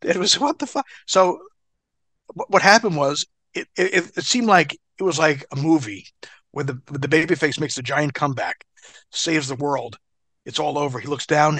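Man, American, middle-aged, bright tone, dry close sound, animated and profane storytelling. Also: fairly high pitch, no room sound. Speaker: interview guest, former wrestler. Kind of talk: storytelling in a shoot interview.

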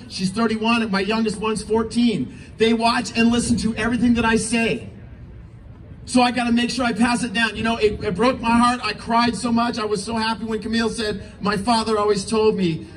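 Fervent preacher in his fifties, high male voice, heard from a distance at a rally. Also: little pitch movement, fairly quick. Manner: fervent, preachy, rising into shouts. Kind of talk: impassioned sermon and prayer. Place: political rally. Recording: distant mic, faint ambient noise.

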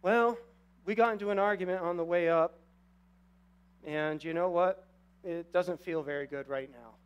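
A man's voice: high-pitched, moderate pace, clear, resonant tone, muffled recording. A man preaching as a guest pastor in a church, earnest and conversational, addressing the congregation with rhetorical questions. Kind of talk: sermon. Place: church sanctuary.

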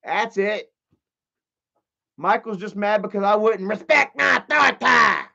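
Casually chatting on a livestream, a young man speaks in an expressive, high voice with a sharp tone and vocal fry, going a little slowly. His talk is rambling and profane, heavy with "you know" fillers, heard through dull lo-fi audio.

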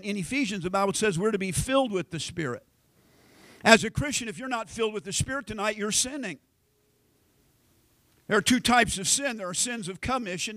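A man's voice: high-pitched, a bit bright, no echo. A man preaching a sermon, often asking the congregation "amen?". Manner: repeats "amen?" to the congregation, with restarts. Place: church sanctuary.

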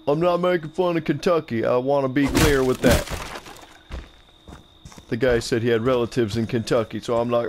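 A man's voice: medium pitch, steady tone, moderate pace, long pauses, a little mellow, a little hiss or hum. A young man giving casual, joking gameplay commentary, laughing often. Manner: giggly, rambling and joking. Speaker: gaming commentator.

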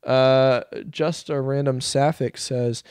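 A man's voice: mid-range voice, fairly even intonation, takes it slowly, a little mellow, smooth, no room sound, studio quality. A man live-streaming, reacting to a video with sarcastic, profane commentary, laughing often and reading chat aloud.

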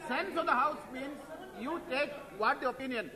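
Deferential Indian-accented MP, echoing hall. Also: male voice, very high-pitched, moderate pace, a crowd in the background. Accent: Indian English. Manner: deferential, addresses the chair as sir constantly. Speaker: member of parliament. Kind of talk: parliamentary debate speech.

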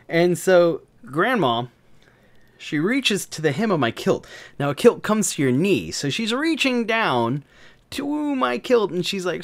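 A man's voice: a little high, big pitch swings, moderate pace, vocal fry. Crude, rambling male storyteller. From American South. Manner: crude, joking, rambling with fillers. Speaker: gaming channel host. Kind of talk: casual storytelling.

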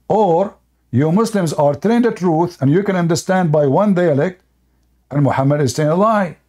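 A man hosting a heated online debate, mocking and combative, firing off points in rapid succession. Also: on the high side, mellow. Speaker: debate host.

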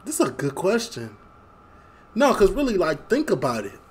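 A man's voice: high voice, wildly swooping pitch, moderate pace, breathy edge. A young man from Chicago hosting a casual reaction video, chatting, laughing often and reading memes aloud. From Chicago, USA.

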